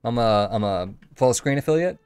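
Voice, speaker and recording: A man's voice: mid-range voice, lively intonation, normal speed, darkish tone, clean tone. A man streaming a video game, chatting casually and rambling, swearing now and then. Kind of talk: casual gameplay chat.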